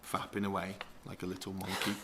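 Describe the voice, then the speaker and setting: A man voicing a menacing, crude castaway man on a desert island, speaking slowly and low in a mock Russian accent. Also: completely flat delivery, very noisy, close to an everyday voice.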